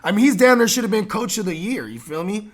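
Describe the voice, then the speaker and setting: A man with a fairly high voice hosting a laid-back sports podcast. He talks in an animated, loose way, full of fillers and swearing, and laughs easily. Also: fast talker, noisy background. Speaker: podcast host. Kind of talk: casual sports chat.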